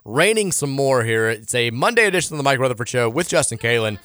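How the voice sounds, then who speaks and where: A man's voice: medium pitch, lively intonation, quick pace, fairly bright tone, no room sound. A man hosting a sports radio show, talking in a frustrated, sarcastic, rambling way with many restarts. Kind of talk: casual sports radio talk.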